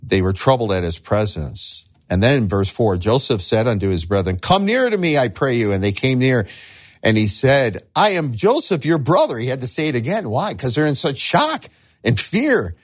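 A man preaching a sermon as a pastor, animated, acting out the voices of the figures in his story. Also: fairly low pitch, normal speed. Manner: animated, acts out voices of the figures he tells about.

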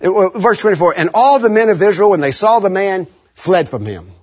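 Man, preacher, sermon, high husky voice, animated call-and-response, muffled lo-fi recording. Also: fairly quick.

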